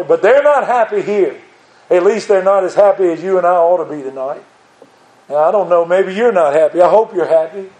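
Older preacher with a high, echoey voice. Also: male voice, mellow. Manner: folksy, earnest, rising to pleading emphasis. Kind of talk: sermon.

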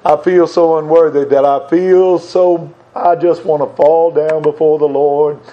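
Older male preacher, high voice, earnest and emphatic sermon delivery, muffled lo-fi recording. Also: flat delivery, a little slow. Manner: earnest, emphatic, repeats phrases for stress.

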